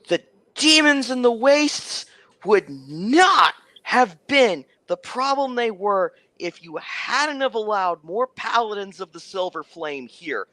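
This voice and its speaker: A man voicing an angry, battle-worn male paladin knight who shouts his accusations. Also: sits high, sing-song, slow, dry recording, voice pushed up, full character voice. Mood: indignant.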